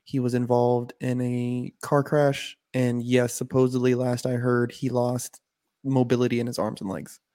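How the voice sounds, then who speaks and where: A man's voice: medium pitch, little pitch movement, normal speed, mellow, dry recording, clean studio sound. A man co-hosting a casual podcast, telling loose profane stories full of "bro" and "like". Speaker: podcast co-host. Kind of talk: casual chat.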